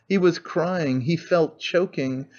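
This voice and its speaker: A man reading a classic novel aloud as an audiobook narrator, in a measured storytelling manner. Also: a little high, darkish tone. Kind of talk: scripted narration. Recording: muffled lo-fi audio.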